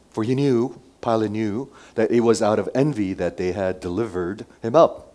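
A pastor delivers a sermon in a fairly low male voice at a normal pace. His volume swings dramatically between loud emphasis and quiet asides, and he fires many rhetorical questions at the listeners.

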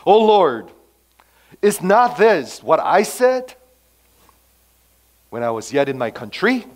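A man's voice: big pitch swings, drawn-out words, exaggerated voice. A man preaching as he acts out an indignant, self-righteous male prophet crying out in a raised voice. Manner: high-pitched, loud, pleading to indignant.

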